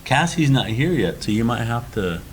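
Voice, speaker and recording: A man's voice: medium pitch, very animated, normal speed, a little hiss or hum. A middle-aged man hosting a community TV talk show, bantering casually with a dry, sarcastic wit. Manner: teasing, dry sarcastic humor.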